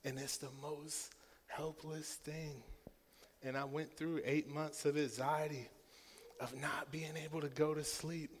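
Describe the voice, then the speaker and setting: A man in his thirties preaching with fervor, his slightly high voice carrying through a church hall that rings with long reverb. He takes his time, drawing the congregation into call-and-response and dropping to a near whisper before building back up to a shout. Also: little pitch movement, a little slow, a little hiss or hum. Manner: impassioned preaching with call-and-response, swinging from hushed to loud. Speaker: pastor. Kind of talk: sermon. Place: large church sanctuary.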